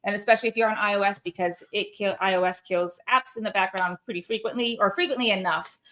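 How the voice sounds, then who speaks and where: A woman's voice: medium pitch, quick pace, pushed and bright. A woman hosting a casual online call, chatty, with frequent laughs and trailing fillers. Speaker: host. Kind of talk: casual livestream chat.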